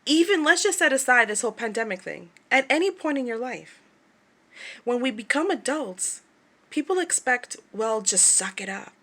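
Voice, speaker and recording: A woman's voice: sits high, expressive, moderate pace, pushed and bright. A middle-aged woman who runs a craft shop, chatting casually to her viewers, laughing often and imitating other people as she tells stories. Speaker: craft shop owner vlogger. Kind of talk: casual chat to camera.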